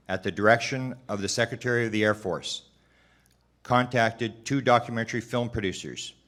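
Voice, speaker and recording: A man testifying at a public hearing, reading a prepared statement in a measured, formal way, now and then stumbling and restarting a word. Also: lowish voice, a bit bright.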